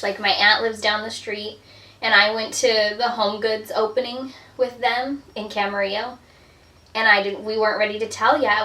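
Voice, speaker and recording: A young adult woman gives a casual pregnancy update for her vlog at home, chatty and a bit out of breath, scattering "um" and "like" everywhere. Her slightly high voice is bright and forceful, steady in tone, at a normal speed. Recorded with a distant mic, the sound has a roomy echo.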